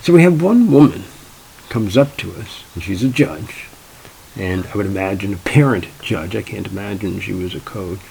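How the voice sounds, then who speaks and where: A man's voice: fairly low pitch, expressive, normal speed, creaky, darkish tone, slight background noise, poor audio. A man, a tournament organizer, telling anecdotes in a wry, dry, exasperated way. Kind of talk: anecdotal storytelling.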